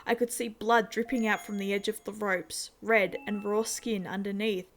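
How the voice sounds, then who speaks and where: A woman narrating a horror story in a measured, steady storytelling manner. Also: medium pitch, a little hiss or hum.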